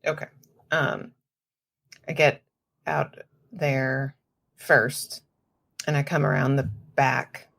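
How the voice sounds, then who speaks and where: Casting: a female player in an audio tabletop game, deep voice with vocal fry, plain and direct. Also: steady tone, slow, pauses often, a bit bright.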